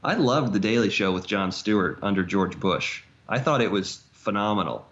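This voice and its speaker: A man co-hosting a podcast, talking casually with halting restarts and fillers. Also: fairly low pitch, lively intonation, fairly bright tone. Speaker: podcast co-host. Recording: dull lo-fi sound.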